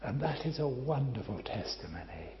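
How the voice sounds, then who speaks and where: Older male preacher, slow and emphatic, lively pitch, roomy muffled hall sound. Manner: slow, emphatic, addresses listeners as friend. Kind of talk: sermon. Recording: roomy, slightly dull church recording.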